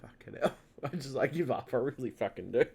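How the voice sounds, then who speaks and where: A man's voice: medium pitch, expressive, fairly quick, vocal fry, dark tone, slightly rough. A man rambling into his computer mic for a casual vlog, frustrated and swearing constantly, often restarting and trailing off. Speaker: channel host. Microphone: computer mic at home.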